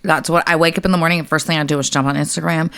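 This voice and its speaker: A woman's voice: low-pitched, fairly even intonation, racing, gravelly, a bit bright, clear, resonant tone, dry recording, clean studio sound. A woman co-hosting a casual podcast chat, talking bluntly and venting with a lot of swearing. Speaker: podcast co-host.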